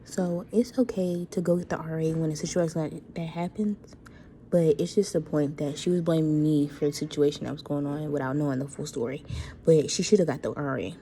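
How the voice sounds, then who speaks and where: A young woman, calmly clearing up a point for viewers. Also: deep voice, brisk, slight background noise. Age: young adult. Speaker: vlogger. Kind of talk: clarifying aside to viewers.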